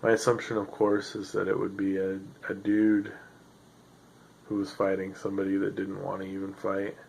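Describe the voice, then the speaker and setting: Man, low voice, gravelly fry, tired, rambling solo podcast host, sardonic asides, trails off. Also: monotone, moderate pace, darkish tone, a little hiss or hum, rough recording. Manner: rambling, sardonic, self-deprecating, trailing off with fillers. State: tired, yawning.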